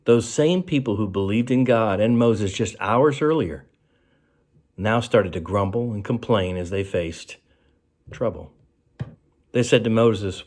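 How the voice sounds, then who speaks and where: A man speaking as a pastor, delivering a short devotional sermon in a fairly low voice. He talks earnestly and conversationally, letting his voice fall soft and quiet when he lands a key phrase. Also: animated, a little slow, long pauses.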